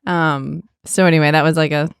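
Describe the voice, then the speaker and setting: A woman co-hosting a podcast, telling stories in an animated, chatty way with many fillers. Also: low voice, a little fast, vocal fry, smooth, no room sound, clean studio sound. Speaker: podcast co-host. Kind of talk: casual interview chat.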